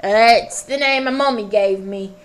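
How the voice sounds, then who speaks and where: A woman's voice: on the high side, measured pace, lightly acted. A woman voicing a scrappy, self-pitying young man in a homemade radio sketch. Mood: indignant. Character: scrappy young man wandering a city sidewalk.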